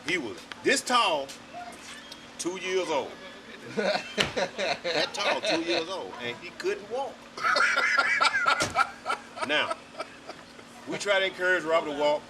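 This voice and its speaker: A man's voice: high voice, sing-song, slow, pauses often, very noisy. A man telling a funny family story about a child who would not walk, laughing along the way. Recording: distant mic with a crowd behind.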